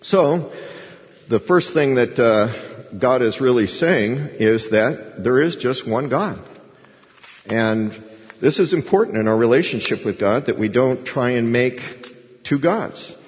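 A man's voice: mid-range voice, expressive, unhurried. Folksy male preacher in an echoing hall. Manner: conversational, folksy preaching with restarts and emphasis. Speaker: pastor. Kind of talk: expository sermon. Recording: long hall reverb, dull lo-fi sound.

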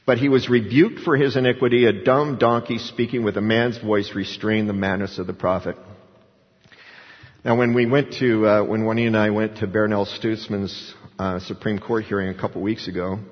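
A man preaching a sermon with passion, telling stories and rising into fervent appeals. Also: on the low side. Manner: impassioned preaching with storytelling. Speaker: pastor. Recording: muffled sound with long hall reverb.

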